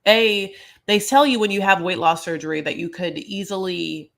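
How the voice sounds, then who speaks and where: A woman with a crisp, bright voice recapping a reality show on a podcast. She talks in a loose, sassy, chatty way, tossing in pet names for her listeners. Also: mid-range voice, normal speed. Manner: chatty, sassy, calls listeners "honey" and "my loves". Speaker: podcast co-host. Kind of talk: casual reality-TV recap chat.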